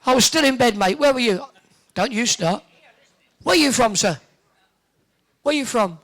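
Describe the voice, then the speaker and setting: A cheeky man working a crowd in a big indoor arena, with a very high voice for a man. He fires off teasing one-liners into a handheld microphone. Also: lively intonation, normal speed, fairly bright tone. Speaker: arena host entertaining the crowd. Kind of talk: joking crowd banter over a microphone.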